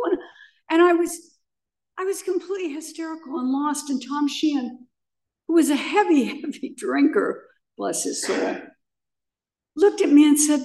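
A woman's voice: sits high, very animated, a little slow, pauses often, warm tone, distant mic. An older woman sharing her personal recovery story at a meeting, telling it dramatically with vivid repetition. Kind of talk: personal testimony.

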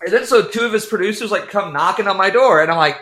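Man, high voice, lively, swearing storyteller, echoey room. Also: quick pace. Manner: animated, profane, acts out quotes. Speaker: guest. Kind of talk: casual storytelling chat.

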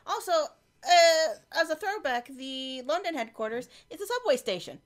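A woman co-hosting a casual movie podcast, making wry sarcastic asides and quick agreeing noises. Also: high-pitched, animated. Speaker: podcast co-host. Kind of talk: casual chat.

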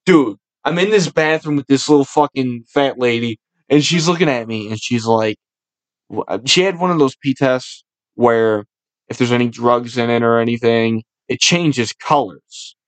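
A young man hosting a casual podcast, telling rowdy stories full of swearing and animated voices for the people in them. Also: mid-range voice, normal speed, dry recording. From Buffalo, New York area. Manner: loud, swearing, storytelling with animated impressions. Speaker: podcast host.

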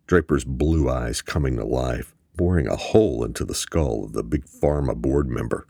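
A man reading an audiobook in a measured, even storytelling manner, close to the mic. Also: extremely low pitch, vocal fry, no room sound. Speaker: audiobook narrator. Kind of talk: scripted narration.

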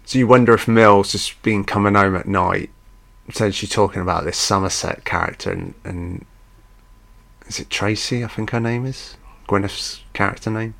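Brief: casual film commentator, low and gravelly, sweary and joking. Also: male voice, steady tone, moderate pace, fairly bright tone. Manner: crude, joking, off-the-cuff, heavy swearing. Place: at home with a dog.

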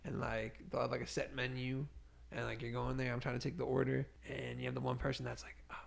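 A man's voice: medium pitch, monotone, creaky. A young man who works a catering hall, chatting casually with lots of fillers. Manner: quick, laid-back, lots of fillers. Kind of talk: casual chat.

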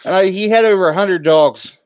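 A man's voice: high-pitched, moderate pace, darkish tone, no echo. Dry-humored man on a dull mic. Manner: dry teasing. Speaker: podcast co-host. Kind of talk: casual comedic chat. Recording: dull lo-fi sound.

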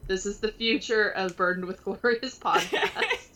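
A woman's voice: medium pitch, measured pace, sharp tone. A young woman co-hosting a casual podcast, rambling with many restarts, laughing often and swearing freely. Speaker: podcast co-host.

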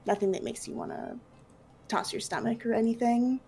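Gravelly woman running a tabletop game. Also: fairly high pitch, normal speed. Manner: relaxed narration with fillers. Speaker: game master.

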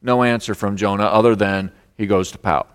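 A male pastor preaching a sermon, expressive, acting out the lines of the story. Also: on the low side, moderate pace, smooth, long reverb tail. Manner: expressive preaching, acts out voices of God and Jonah.

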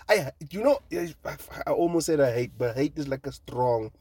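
A man's voice: medium pitch, normal speed, slightly rough, no echo. A man rambling on his own show, swearing and trailing off into fillers. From South Africa. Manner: profane, excitable, trails off with fillers. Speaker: comedian and podcast host. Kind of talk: casual rambling monologue.

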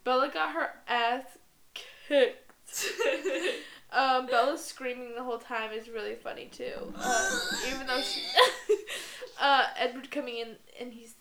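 Woman, high voice, giggly, gushing, casual podcast co-host. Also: fairly even intonation, slow, gravelly, fairly bright tone. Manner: giggly, gushing, lots of fillers. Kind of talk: casual chat.

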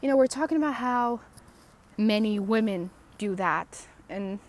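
A woman's voice: mid-range voice, a little slow, darkish tone. A woman hosting a personal podcast while walking outdoors, talking into a phone in a chatty, self-mocking, sarcastic ramble full of "like". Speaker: podcast host.

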